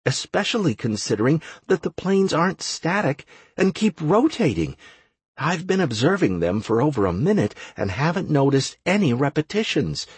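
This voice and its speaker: A man voicing a quick-thinking young woman who explains things briskly in an audiobook. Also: on the high side, very animated, breathy edge, no echo, pitched above the performer's own voice, exaggerated voice. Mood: analytical. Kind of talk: audiobook character voice.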